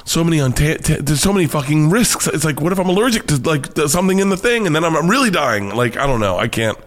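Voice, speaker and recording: Profane, animated American comedian telling stories. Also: male voice, a little high, fast. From United States. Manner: profane, animated storyteller, laughs often. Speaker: comedian guest. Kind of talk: casual storytelling interview.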